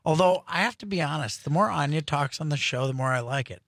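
A man's voice: a little high, quick pace, fairly bright tone, no room sound. A man hosting a radio show, telling rambling, jokey stories in casual studio chat.

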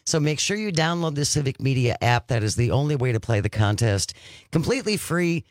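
A man's voice: medium pitch, sing-song, dry recording. A man hosting a morning talk radio show from a studio, upbeat and announcer-like. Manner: upbeat, announcer-like, reads out numbers slowly. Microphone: studio microphone.

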